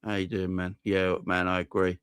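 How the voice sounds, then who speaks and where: A man's voice: low voice, monotone, moderate pace, a bit bright, clean tone, no room sound. A man hosting a live-stream football fan channel, ranting heatedly, swearing and talking to his chat.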